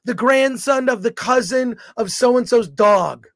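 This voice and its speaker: A man's voice: extremely high pitch, measured pace, creaky, fairly bright tone, no room sound, studio quality. A man co-hosting a casual film review chat, opinionated and blunt, rambling through his thoughts.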